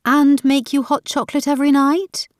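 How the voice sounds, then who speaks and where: A woman's voice: high-pitched, level tone, no room sound, clean studio sound, pitched above the performer's own voice, lightly acted. A woman reading as a wry, teasing husband. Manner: wry, measured, gently mocking. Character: man, married, dry and teasing.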